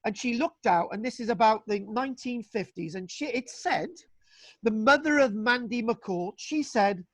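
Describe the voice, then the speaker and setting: A man's voice: high voice, animated, normal speed, fairly bright tone, no echo. A man lecturing on local history over a video call in a chatty, folksy way, with many fillers and restarts. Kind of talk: online illustrated history lecture.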